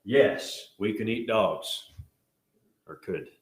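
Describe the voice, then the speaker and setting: A man teaching a Bible class in a casual, joking way, telling animated stories. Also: on the low side, slow, reverberant.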